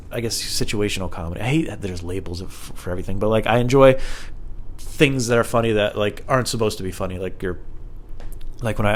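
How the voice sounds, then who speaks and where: Rambling self-deprecating man on a lapel mic. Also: fairly low pitch. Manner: rambling, self-deprecating, heavy use of filler words. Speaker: podcast host. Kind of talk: rambling solo podcast monologue. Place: living room at home. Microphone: small lapel mic.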